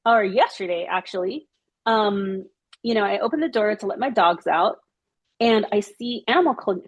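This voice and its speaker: A woman with a husky edge to her voice, sitting at a middling pitch, spins a casual story for friends. She talks in a chatty, animated way, laughs easily, and acts out the lines of the people in her story. The sound is close and dry. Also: no echo. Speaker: study group member. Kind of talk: casual anecdote told to a group.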